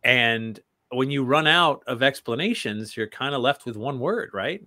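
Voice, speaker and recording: Bright-voiced man telling animated stories. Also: medium pitch, measured pace. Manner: animated storyteller, joking. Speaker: guest. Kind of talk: casual chat.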